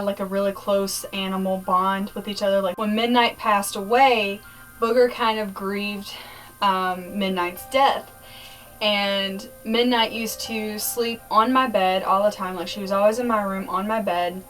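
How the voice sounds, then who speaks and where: A woman's voice: medium pitch, a bit bright. A young woman telling a personal story in a casual vlog, rambling with many "like"s and "um"s. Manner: rambling with many likes and ums. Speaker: vlogger. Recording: voice a bit distant, faint music.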